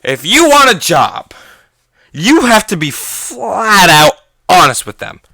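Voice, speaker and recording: A man's voice: high voice, big pitch swings, slow pace, vocal fry, bright, forceful tone, no room sound. A teenage boy casually telling a long story, rambling and correcting himself as he goes. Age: teens. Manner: rambling, self-correcting, chatty. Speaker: gaming channel vlogger.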